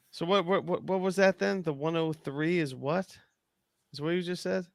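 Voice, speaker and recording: A man hosting a casual podcast chat, excitable and quick to laugh, who swears freely and keeps throwing questions to the panel. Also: fairly high pitch, gravelly, no echo, clean studio sound. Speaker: podcast host.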